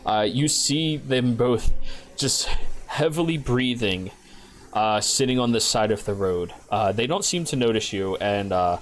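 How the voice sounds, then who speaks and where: A man narrating a tabletop game as game master, in a relaxed storytelling manner. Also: mid-range voice, a little slow, a little hiss or hum.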